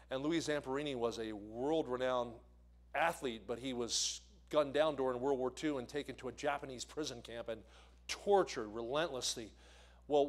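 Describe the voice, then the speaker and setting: A man from the American Northeast preaching a sermon as a visiting evangelist, telling stories and putting questions to the congregation. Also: fairly high pitch. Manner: storytelling, asks the congregation questions. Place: church sanctuary.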